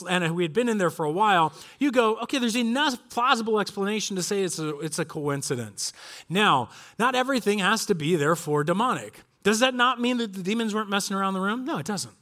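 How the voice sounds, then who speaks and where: A man in his forties preaching a sermon, telling a story with animated quoted voices. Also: high-pitched. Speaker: pastor. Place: church.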